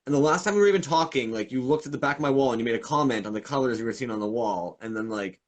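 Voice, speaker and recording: A man's voice: mid-range voice, very fast. Man, host, mid-range voice, enthusiastic, talkative, meandering, casual live Q&A.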